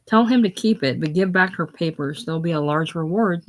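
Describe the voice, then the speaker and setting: A woman reading the lines of a proud, imperious aging male adventurer, with commanding, forceful delivery. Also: on the low side, brisk, close to an everyday voice.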